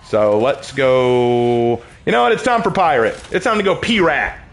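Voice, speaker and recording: A man's voice: high voice, big pitch swings, fairly quick, vocal fry, a bit bright. A man streaming a video game, chatting casually to his viewers, rambling and laughing often as he plays. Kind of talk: casual gameplay commentary.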